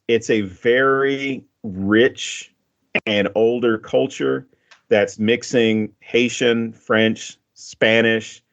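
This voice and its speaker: Louisiana guy rambling on a podcast, swears a lot, restarts sentences, kinda muffled audio. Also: medium pitch. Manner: relaxed, rambling, swears casually, lots of restarts. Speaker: podcast guest. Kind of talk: casual chat.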